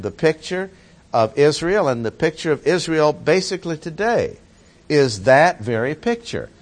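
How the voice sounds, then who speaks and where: A man teaching through a Bible passage verse by verse, stressing key words by repeating them. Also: mid-range voice.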